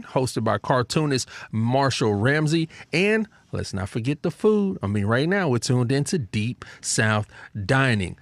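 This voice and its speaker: A man delivering a playful, energetic fundraising pitch for a radio station. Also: dry recording.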